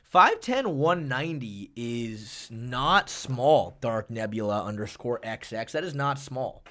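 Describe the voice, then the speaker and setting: A man's voice: mid-range voice, slow. A man hosting a casual live stream, reading chat messages and rambling animatedly with plenty of swearing. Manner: animated, rambling, swears often, reads chat donations aloud. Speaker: streamer and MMA analyst.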